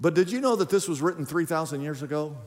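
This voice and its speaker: Male pastor, high voice, emphatic sermon delivery, church hall reverb. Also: animated, quick pace. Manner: emphatic preaching, rhetorical questions to congregation. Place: church sanctuary.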